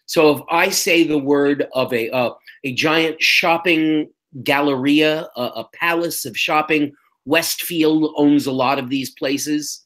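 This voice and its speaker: An older man with a New York accent chats as a podcast co-host, his voice sitting a bit higher than most men's. He rambles and restarts his sentences, often chuckling as he talks. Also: slow, a bit bright, rough recording. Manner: rambling, self-interrupting, chuckling. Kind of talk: casual podcast chat.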